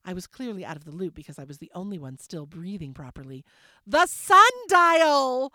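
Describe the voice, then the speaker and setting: A woman's voice: low voice, fast talker, dark tone, no echo, clean studio sound. A woman hosting a reading show, narrating a novel chapter as an audiobook, casual between chapters.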